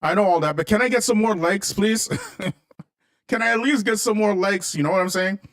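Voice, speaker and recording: Calling his audience "family," a high-voiced livestream host speaks at a moderate pace in a fairly bright, casual, emphatic tone, sounding preachy and convinced. The mic is some distance from him, and the room is dry and dead with no echo.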